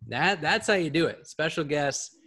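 A man hosting a live podcast, talking in a casual, excitable, rambling way and swearing freely. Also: fairly high pitch, normal speed, background noise. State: a bit out of breath. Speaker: podcast host.

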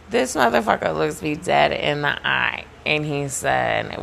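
A woman's voice: fairly low pitch, sing-song, moderate pace, vocal fry, hardly any pauses, a bit bright, slight background noise. A young woman telling a profane, emphatic story in a casual vlog rant, packed with "like" and swearing. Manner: profane, emphatic, heavy use of "like".

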